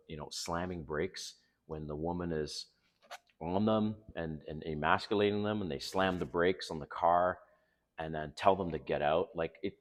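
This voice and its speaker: An older man hosting a vlog, telling personal stories in a frank, casual way and swearing freely. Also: deep voice. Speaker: host.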